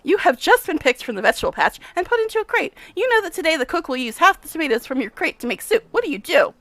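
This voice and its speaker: A woman reading aloud the lines of an eccentric, excitable female scholar obsessed with science, in a brisk, lecturing tone. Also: high voice, dry recording. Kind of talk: reading game dialogue aloud.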